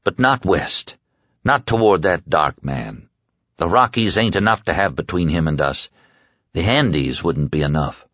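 A devout woman past a hundred years old, praying earnestly to her Lord, as a man reads her in. The voice is low and plain, close and dry with no room sound, and the recording is dull and lo-fi. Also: animated, a little slow, a bit bright, dry recording, exaggerated voice. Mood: pleading prayer. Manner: prayerful, earnest.

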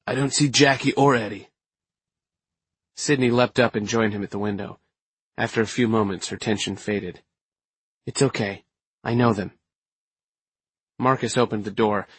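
A man reading a first-person story aloud in a steady, measured way. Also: on the low side, slightly rough, no room sound. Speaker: audiobook narrator. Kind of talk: first-person scripted narration.

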